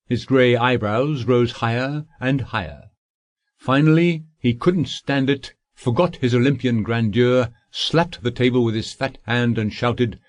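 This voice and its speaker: A male audiobook narrator reading in a steady, measured way. His voice sits in a middle pitch. The recording is dry and close, with no room sound. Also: no echo. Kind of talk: scripted narration.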